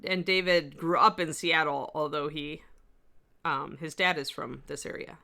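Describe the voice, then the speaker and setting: Female instructor, low register, rambling friendly asides, faint West Coast accent. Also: steady tone, unhurried, creaky, bright, forceful tone. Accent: slight US West Coast. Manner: chatty, rambling asides while working. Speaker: miniature sculpting instructor. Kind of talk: live-stream tutorial chat.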